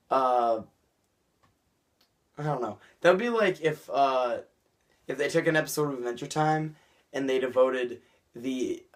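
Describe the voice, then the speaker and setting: A young man vlogging an episode review in a rambling, chatty way, full of restarts. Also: mid-range voice. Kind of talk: casual episode review vlog.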